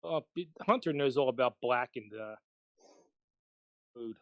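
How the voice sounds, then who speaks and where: A man's voice: medium pitch, measured pace, no echo, dull audio. A man with a mid-range voice trades playful, teasing banter on a voice call. His audio is dry and close, with no room sound. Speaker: call participant. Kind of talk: casual chat on a voice call.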